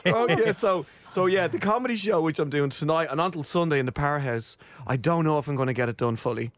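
A man with an Irish accent, a comedian guest telling stories in a casual chat, animated and laughing, acting out the voices of people in his anecdotes. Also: fairly high pitch, fast, no room sound. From Ireland. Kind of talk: casual radio chat, storytelling.

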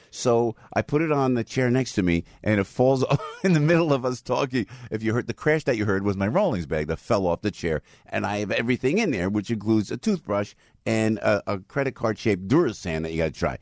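A man with a North Jersey accent hosts a morning radio show with a lively, swooping delivery. He talks theatrically and pitches products with great enthusiasm, and his studio mic sounds close and dry. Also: brisk, no echo. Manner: animated, theatrical, plugs products. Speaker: radio talk show host.

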